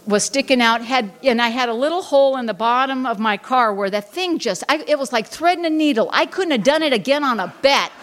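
A woman's voice: high voice, lively intonation, brisk, few pauses, a bit bright. Middle-aged lady rambling through her recovery story, lots of um and you know. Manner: rambling storyteller with many fillers and restarts. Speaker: Al-Anon speaker. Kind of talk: personal recovery talk.

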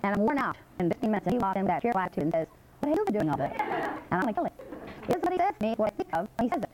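Fast-talking older woman telling her story. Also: medium pitch, animated, background noise. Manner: rambling, folksy storytelling. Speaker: recovery meeting speaker. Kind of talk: personal testimony talk.

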